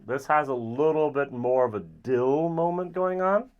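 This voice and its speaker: A man talks through a whisky tasting in a loose, chatty way at a middling pitch, often stopping to search for a word. The audio is a little dull and lo-fi. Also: measured pace, smooth. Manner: relaxed, rambling with frequent ums. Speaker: whisky reviewer. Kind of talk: casual tasting review.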